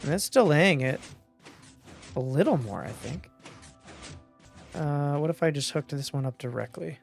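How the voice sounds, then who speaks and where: Excitable man thinking aloud over gameplay. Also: a little high, unhurried, creaky, faint music behind. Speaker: gaming channel host. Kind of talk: casual gameplay commentary.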